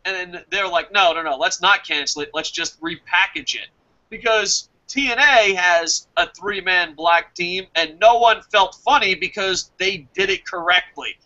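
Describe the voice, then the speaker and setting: A man's voice: high-pitched, moderate pace. A man co-hosting a casual wrestling podcast, ranting with lots of swearing. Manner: profane, ranting, animated. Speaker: podcast co-host. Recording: dull lo-fi audio.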